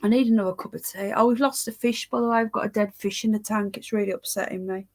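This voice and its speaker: A woman's voice: mid-range voice, steady tone, quick pace. A tired, yawning woman hosts a casual livestream, rambling chattily, greeting viewers by name and swearing now and then. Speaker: livestream host reading live chat.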